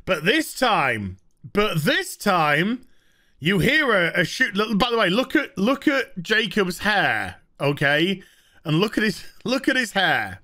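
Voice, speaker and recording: A man's voice: high-pitched, big pitch swings, unhurried, bright, forceful tone. Sarcastic English man reviewing TV. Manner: mocking, exasperated, laughing. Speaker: host.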